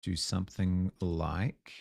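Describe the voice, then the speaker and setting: A man's voice: low-pitched, little pitch movement, takes it slowly, creaky, darkish tone, no echo, studio quality. A man in his forties with a New Zealand accent, musing aloud as he codes on a live stream and chats with viewers. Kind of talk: casual thinking-aloud coding stream.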